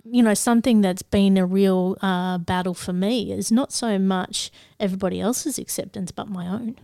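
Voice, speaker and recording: A woman with a mellow, soft tone hosts the conversation and speaks thoughtfully of her own struggle in a quiet, reflective way. Her voice sounds dry and close. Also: medium pitch, steady tone, normal speed, creaky, no room sound. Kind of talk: conversational interview.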